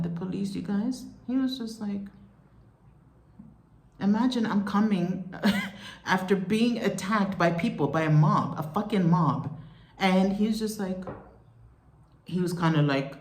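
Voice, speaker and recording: Low-voiced woman vlogger, still shaken, exclaiming storyteller, echoey room. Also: darkish tone. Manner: shaken, rushed and exclaiming, lots of "like" and "oh my God". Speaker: travel vlogger. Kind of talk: emotional storytime recounting.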